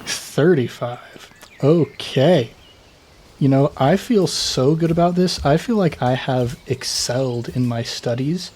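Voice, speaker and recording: A man's voice: mid-range voice, normal speed, few pauses, darkish tone. A man playing in a tabletop game, upbeat and joking. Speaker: player. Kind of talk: casual tabletop play.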